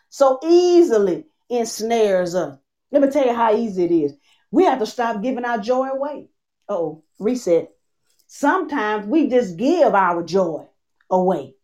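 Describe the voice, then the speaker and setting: A woman preaching a sermon, repeating phrases, asking the congregation questions and slowing down for emphasis. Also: mid-range voice, a little mellow.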